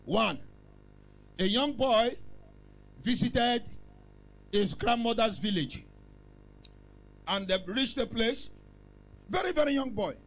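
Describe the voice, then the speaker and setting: Raspy high-pitched Nigerian preacher man. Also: expressive, takes it slowly, long pauses, low-quality recording. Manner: shouting, call-and-response preaching with pidgin asides. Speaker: pastor. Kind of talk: preaching sermon.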